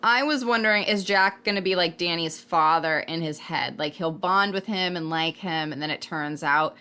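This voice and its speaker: A young woman talks through a show in casual conversation. Her voice sits slightly low and she sounds animated, piling up questions as she thinks aloud. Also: moderate pace, smooth. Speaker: podcast co-host reviewing a TV series. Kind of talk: casual chat.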